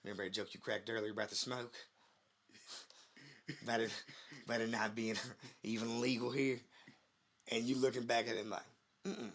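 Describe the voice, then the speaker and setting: A man co-hosting a casual podcast, telling stories with animated quoted voices. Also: medium pitch, normal speed, long pauses. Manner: animated storytelling, acts out quotes. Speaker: podcast co-host. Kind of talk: casual chat.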